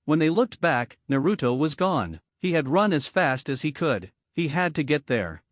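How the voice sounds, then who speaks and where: A man narrating a scripted fan-fiction story in a steady storytelling manner. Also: fairly high pitch, normal speed, dry recording, clean studio sound.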